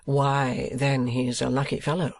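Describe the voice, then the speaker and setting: A man voicing a polite, earnest young gentleman who speaks in a courteous, measured way. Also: mid-range voice, level tone, natural voice.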